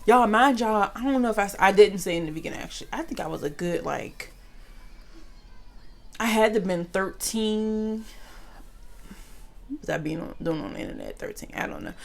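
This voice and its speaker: Woman vlogger in a casual storytime, gravelly fry in her voice, lively and slangy with viewers. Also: fairly low pitch. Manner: animated, slangy, addresses viewers as y'all.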